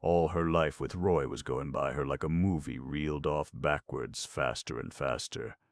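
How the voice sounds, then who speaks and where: A man narrating an audiobook in a steady, measured reading. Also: extremely low pitch, no room sound.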